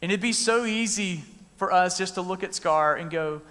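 A youth pastor giving a casual, animated sermon and acting out the story as he goes. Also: sits high, normal speed. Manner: animated, conversational, acts out scenes. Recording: long reverb in a large room.

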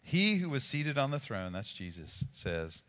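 A man preaching a sermon as pastor, in a conversational, animated way with casual asides to the congregation. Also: mid-range voice, a little slow, big-room sound.

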